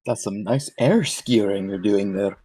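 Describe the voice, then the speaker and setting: A man's voice: lowish voice, normal speed, mellow, slightly rough, poor audio. A man narrating as game master for a tabletop game, rambling with lots of fillers as he describes the scene.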